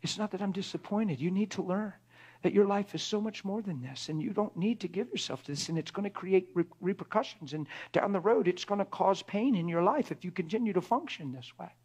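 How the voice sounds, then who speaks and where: A middle-aged man delivers a conversational sermon in a fairly high voice. He talks to the room like a friend, then sinks into a hushed whisper to drive a point home. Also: fairly quick, husky. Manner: conversational preaching, drops to a hushed whisper for emphasis. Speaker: preacher.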